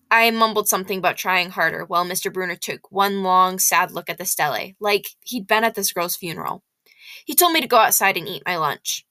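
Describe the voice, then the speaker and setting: A woman reading a novel aloud in the first person, lively and expressive. Her voice is bright and forward. The sound is dry and close, with no room echo. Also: medium pitch. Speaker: audiobook reader.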